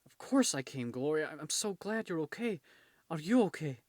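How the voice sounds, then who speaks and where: A man's voice: on the high side, big pitch swings, normal speed, a little mellow, no room sound, studio quality, pitched above the performer's own voice. A man voicing an anxious, caring male lawyer friend who stammers with worry as he reads a comic aloud. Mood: worried.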